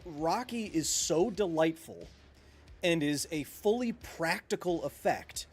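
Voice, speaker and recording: A man in his thirties live-streams a video game, chatting casually with viewers and answering chat in a rambling, self-mocking way. His voice is a little high and a little mellow.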